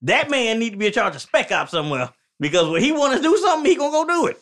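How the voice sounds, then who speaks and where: A man's voice: very high-pitched, big pitch swings, fast talker, a bit bright. A man from Florida co-hosting a casual comedy podcast, laughing often, joking and acting out little bits. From Florida, USA. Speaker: podcast co-host.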